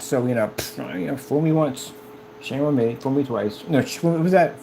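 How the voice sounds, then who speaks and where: A man's voice: a little high, fairly quick, mellow, slight background noise. A businessman ranting at the camera, confrontational and mocking, repeating himself as he goes. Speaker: business owner.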